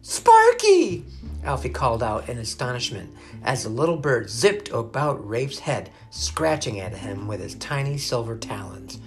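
A man reading a children's adventure chapter aloud, expressive and dramatic. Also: mid-range voice, moderate pace, faint music behind. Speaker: narrator. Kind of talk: storybook reading.

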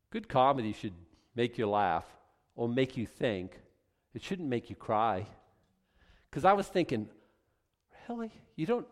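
A man preaching a sermon, acting out conversations in an animated, building delivery. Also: medium pitch. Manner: animated, acts out dialogue with rising intensity.

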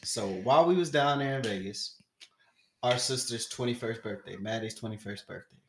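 A young man co-hosting a casual podcast, animated as he tells a story and does the other people's lines. His voice sits mid-range, and the room around him echoes. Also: mid-range voice, moderate pace, a little hiss or hum. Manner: animated, acts out quoted voices loudly. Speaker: podcast co-host.

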